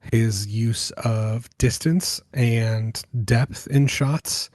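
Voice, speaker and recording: A man on a casual movie podcast panel, talking through his thoughts and pausing to search for words. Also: mid-range voice, fairly even intonation, a little mellow, dry recording, clean studio sound. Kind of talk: casual film discussion.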